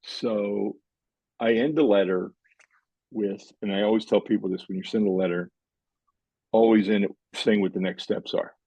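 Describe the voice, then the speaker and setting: Gravelly low-voiced older man telling a story. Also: moderate pace, pauses often, no echo, poor audio. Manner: animated storyteller, acting out quoted dialogue. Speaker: podcast guest, sport business professor. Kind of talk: storytelling in a podcast interview.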